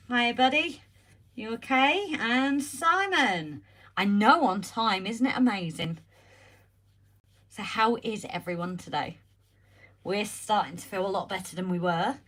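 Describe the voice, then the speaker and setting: A woman hosts a casual live stream from home, chatting and greeting viewers by name as she talks into a phone on a holder. Her mid-range, slightly bright voice is a little croaky because she's recovering from being ill.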